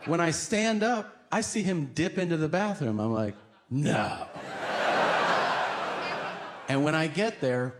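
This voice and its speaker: A man in his thirties performs stand-up on a club stage, his pitch leaping and dropping as he acts out the people in his stories. He talks into a handheld mic. Loud audience laughter and room noise sit behind him. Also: moderate pace, few pauses. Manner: animated storytelling, acts out voices, bursts into yelling. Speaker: stand-up comedian. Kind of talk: stand-up comedy routine.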